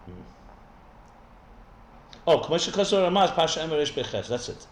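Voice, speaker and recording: Slightly high, with big pitch swings at normal speed, a man teaches a live text study class as a rabbi. He thinks aloud and explains, often backing up to restart sentences, in an echoey room with faint ambience.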